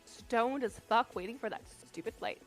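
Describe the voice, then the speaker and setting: A woman's voice: on the high side, moderate pace, soft background music. A woman co-hosting a trivia stream in casual chat, rambling and self-deprecating, often giggling.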